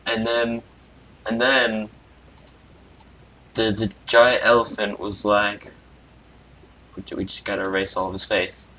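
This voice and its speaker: A man narrates a goofy story while he draws, talking slowly in a low but bright, forceful voice. He rambles, amuses himself and mutters asides into a computer microphone with a faint hiss behind him. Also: monotone. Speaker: video creator. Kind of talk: casual narration while drawing.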